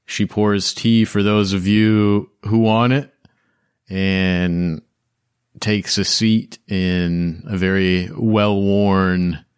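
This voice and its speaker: A man narrating as the game master of a tabletop game, describing scenes in a measured way. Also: fairly low pitch, fairly even intonation, clean tone, no echo, studio quality.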